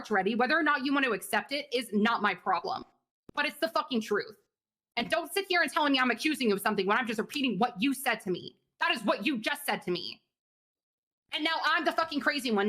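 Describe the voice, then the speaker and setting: Heated high-pitched woman, roleplay argument. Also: lively intonation, bright, forceful tone. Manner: angry, profane, rapid rants. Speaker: roleplayer in police department.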